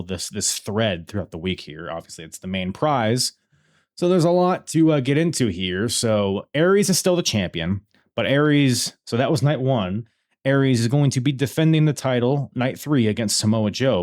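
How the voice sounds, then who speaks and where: Excitable man reviewing wrestling. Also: mid-range voice. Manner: excitable, swears freely, laughs while telling. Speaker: podcast host.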